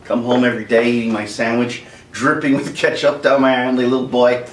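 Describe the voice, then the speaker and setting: A man's voice: medium pitch, brisk, slight background noise. A man from Canada telling a comic, rambling childhood story on his vlog. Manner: animated, rambling, jokey. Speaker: vlogger. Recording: roomy echo, distant mic.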